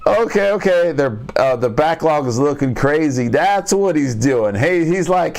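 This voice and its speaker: A man's voice: fairly high pitch, expressive, unhurried, vocal fry, darkish tone. A man hosting a casual trading stream, rambling and joking as he talks viewers through stock charts. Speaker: trading coach and stream host. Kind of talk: casual market commentary.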